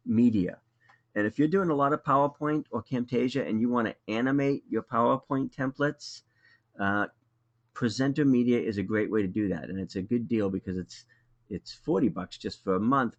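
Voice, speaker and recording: A man with a Boston accent presenting a live webinar tutorial in a relaxed, conversational way, with frequent ums. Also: medium pitch, lo-fi sound.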